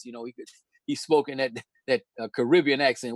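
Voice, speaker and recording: A man's voice: medium pitch, steady tone, normal speed, dry recording. An older man from North Carolina, hosting a casual talk and telling stories with many restarts and laughs. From Charlotte, North Carolina, USA. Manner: storytelling, hesitant with many restarts, laughs often. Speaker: host.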